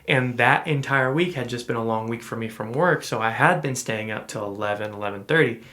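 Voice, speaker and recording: A man co-hosting a podcast, telling a personal story in a relaxed, rambling way with many fillers and restarts. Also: medium pitch, brisk. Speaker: podcast co-host. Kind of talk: casual storytelling chat.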